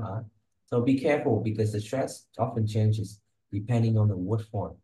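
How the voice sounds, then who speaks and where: A man's voice: on the low side, normal speed, dark tone. Patient male English teacher, echoey room, explanatory tone, repeated check-ins. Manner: patient, explanatory, tags sentences with "okay?" and "huh?". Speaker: English teacher giving exam feedback. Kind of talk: spoken lesson with frequent check-ins.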